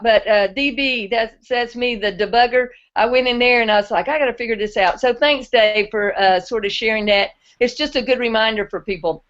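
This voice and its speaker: A woman with a fairly high voice hosts a group video chat. She talks in a relaxed, chatty way. The audio sounds a little muffled. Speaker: host. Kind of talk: casual chat. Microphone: video call.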